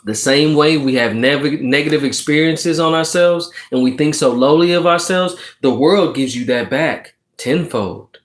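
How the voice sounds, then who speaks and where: A man's voice: fairly high pitch, a little slow, few pauses. A man reading tarot cards on a casual livestream, talking emphatically and preachily, checking in with his listeners and swearing now and then. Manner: swears casually while encouraging. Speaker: tarot card reader on a livestream. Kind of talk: casual livestream chat, reading viewer comments.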